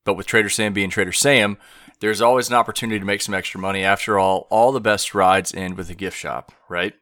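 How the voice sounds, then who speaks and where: A man's voice: lowish voice, steady tone, a little fast, pushed and bright, no echo, clean studio sound. A man co-hosting a casual podcast from home, easygoing and laughing as he talks. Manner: easygoing, laughs between words. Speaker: podcast co-host.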